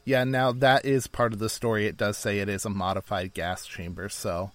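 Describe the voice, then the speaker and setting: A man's voice: on the low side, flat delivery, moderate pace, a bit bright, dry recording. A man co-hosting a podcast in casual, rambling chat, full of fillers. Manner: laid-back, rambling with fillers. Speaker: podcast co-host.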